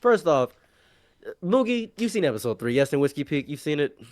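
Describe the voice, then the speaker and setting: A man chatting casually as a co-host, excitable and laughing, acting out characters' lines as he retells a scene. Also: on the high side, a little fast. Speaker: podcast co-host.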